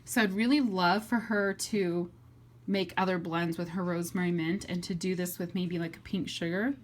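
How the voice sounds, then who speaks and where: Chatty woman, low-pitched, faint hiss. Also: fairly even intonation, normal speed. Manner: chatty, enthusiastic, lots of fillers. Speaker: wax melt reviewer. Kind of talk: casual review vlog. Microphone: webcam or phone mic.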